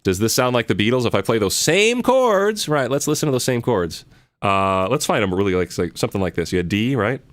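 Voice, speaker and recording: A man's voice: medium pitch, very animated, a little fast, dry recording. A man teaching a live online music lesson, answering viewer questions in a chatty, rambling way with many fillers. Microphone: close studio mic.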